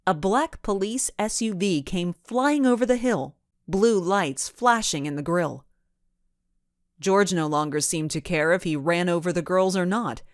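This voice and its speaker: A woman narrating a children's storybook in an expressive, measured way. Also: on the low side, no echo, studio quality. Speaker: audiobook narrator.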